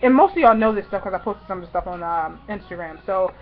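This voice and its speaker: A woman vlogger telling a story to her viewers in a chatty, excitable, slangy way. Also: medium pitch, fast talker, lo-fi sound.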